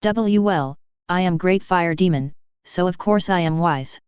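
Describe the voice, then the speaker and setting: A woman's voice: lowish voice, unhurried, darkish tone, smooth, no echo, close to an everyday voice. A woman reading character lines as a theatrical young woman who poses as a fire demon, speaking in a grandiose, archaic, self-important way. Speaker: audiobook reader.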